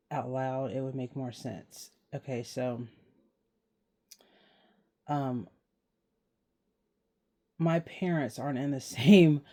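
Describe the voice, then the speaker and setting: A man's voice: medium pitch, mellow. A young man talking casually to his viewers as the channel host, rambling and laughing as he explains things. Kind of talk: casual vlog chat.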